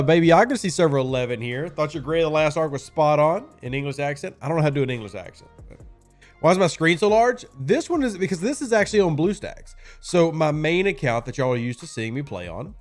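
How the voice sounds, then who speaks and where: A man hosting a casual game live stream, chatting with viewers and answering their questions in a sarcastic, talkative way. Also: a little high. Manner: sarcastic, chatty, talks to chat.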